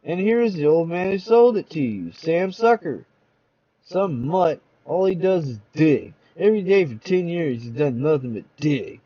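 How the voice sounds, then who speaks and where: A man's voice: fairly high pitch, lively intonation, a little slow, husky, lo-fi sound. A man voicing a gleeful, spiteful old man with a folksy, cackling manner.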